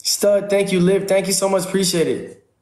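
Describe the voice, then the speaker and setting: Chatting casually on a livestream from his home room, a man keeps begging viewers and calls out thanks to each by name. He speaks at a moderate pace with a high-pitched, steady, slightly mellow voice, and the audio is reverberant.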